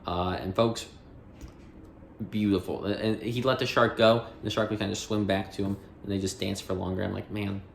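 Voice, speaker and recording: A man's voice: fairly low pitch, fairly even intonation, moderate pace, creaky, echoey room, a little hiss or hum. A man hosting a dictionary audiobook, chatting in a rambling, jokey way with self-interruptions, then reading entries aloud.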